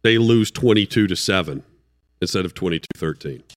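A man hosting a sports talk show, bantering and reading the show's plugs briskly. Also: low voice. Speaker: sports radio host.

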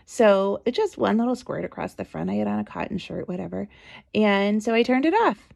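A woman's voice: medium pitch, animated, a little fast, gravelly, darkish tone. A woman hosting a podcast, telling a chatty, reassuring story about her own experience. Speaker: podcast host.

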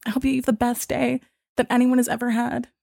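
Gushing, soft-spoken male support agent played by a woman, dry close sound. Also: mid-range voice, little pitch movement, fast, gravelly, no echo, close to an everyday voice. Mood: syrupy. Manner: soft, gushing, overly affectionate.

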